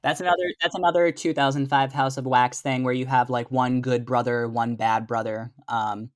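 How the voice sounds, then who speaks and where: A man guest-hosting a podcast, chatting about a horror film with lots of halting restarts. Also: medium pitch, steady tone. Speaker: guest co-host. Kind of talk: casual movie chat.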